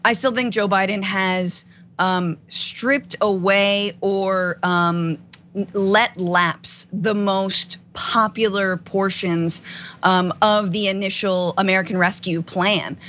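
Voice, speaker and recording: A woman's voice: medium pitch, slow, muffled recording. Sardonic female political commentator. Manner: animated, sardonic, many fillers. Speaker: news commentary co-host.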